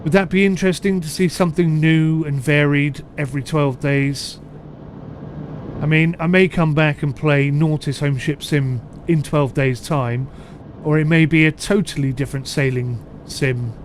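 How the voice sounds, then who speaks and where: A man's voice: fairly high pitch, slight background noise. Chatty man with a southern English accent. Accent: mixed southern English. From United Kingdom. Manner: chatty, rambling, answers chat. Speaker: streamer. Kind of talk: live gameplay commentary.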